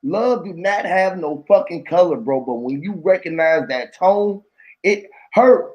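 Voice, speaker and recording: High-pitched dude rambling thru a story, loud slangy chat, does all the voices. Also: male voice, expressive, a little slow, muffled recording.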